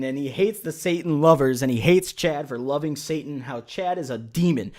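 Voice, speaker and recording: A young man recounting his own story on his vlog in a casual, joking manner, swearing freely. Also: a little high. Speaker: YouTuber.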